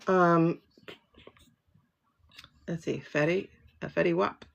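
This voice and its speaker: A woman's voice: deep voice, lively intonation, a little slow, gravelly, long pauses, a little mellow, dull audio. A woman hosting a casual livestream tarot chat, asking questions aloud and answering them herself in a slangy, familiar way. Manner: slangy and familiar, calls viewers child, girl, boo. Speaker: livestream host reading tarot.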